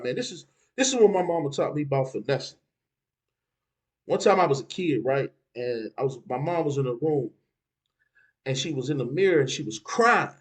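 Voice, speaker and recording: A man's voice: high-pitched, low-quality recording. A man giving street advice in a casual, preachy monologue, dropping "man" between phrases.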